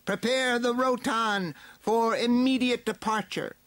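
A man voicing a gloating evil skeletal overlord in a storybook reading, with sly, drawn-out villainous muttering. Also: a little high, wildly swooping pitch, no echo, pitched above the performer's own voice, heavily acted. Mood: commanding.

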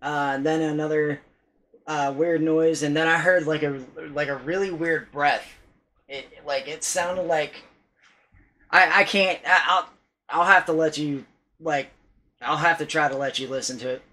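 A man with a somewhat high-set voice talks in a loose, unscripted vlog style. He rambles and hesitates, restarting his sentences and swearing now and then. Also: fairly even intonation, measured pace, bright, forceful tone, poor audio. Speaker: paranormal vlogger. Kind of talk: casual vlog talk.

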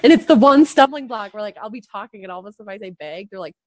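A woman's voice: medium pitch, animated, very fast, a little mellow. A young woman from Wisconsin with a faint Upper Midwest accent, chatting casually as a guest and laughing often. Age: young adult. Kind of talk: casual conversation.

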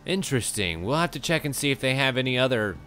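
A man's voice: medium pitch, sing-song, fast, over music. A man hosting a let's play, chatting playfully and talking back to the characters on screen. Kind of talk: casual gameplay commentary.

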